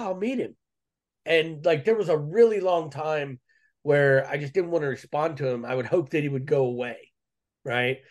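A man guest in an interview, earnestly telling a personal story in casual, rambling speech full of fillers and restarts, saying "man" and "dude". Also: a little high.

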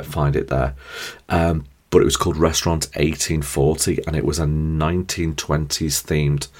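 A man with an extremely low, deep voice tells travel stories on his podcast. He rambles cheerfully, pokes fun at himself and jumps up in pitch and volume when something excites him. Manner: chatty, rambling, self-deprecating, with animated jumps in pitch and volume. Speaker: podcast host. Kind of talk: casual storytelling monologue.

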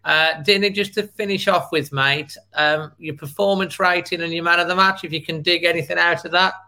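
A man with a bright, fairly high voice hosts a casual online show. He is friendly and keeps calling his guests mate. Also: steady tone, brisk. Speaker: host. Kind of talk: casual chat.

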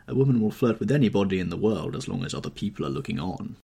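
A man voicing a witty, cynical aristocratic gentleman who drawls amused epigrams, in an audiobook reading. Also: low voice, expressive, fast talker, vocal fry, breathy edge, heavily acted.

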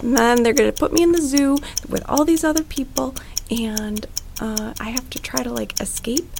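A woman's voice: on the high side, steady tone, moderate pace, vocal fry, darkish tone, a little hiss or hum. A woman co-hosting a podcast, chatting casually in a playful, giggly way. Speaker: podcast co-host. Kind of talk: casual chat.

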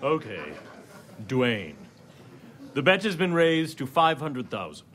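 A man's voice: mid-range voice, big pitch swings, slow, a bit bright, a little hiss or hum, pitched below the performer's own voice. A man voicing a formal male card dealer in a comedy sketch.

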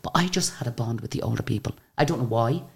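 An Irish woman telling a story as an interview guest, chatty and animated, full of asides and restarts. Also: a bass voice, fast, gravelly. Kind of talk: conversational storytelling.

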